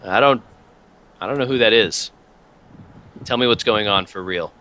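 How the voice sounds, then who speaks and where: A man voicing a gruff, commanding inquisitor who talks in a brusque, impatient, profane way. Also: fairly low pitch, normal speed, bright, forceful tone, dull audio. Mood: suspicious.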